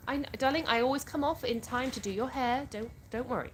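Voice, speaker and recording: This livestream host is a woman with a high voice who speaks at a quick pace, casually chatting from home through viewer comments she reads out. The audio is poor, clear yet marked by background noise and clicks.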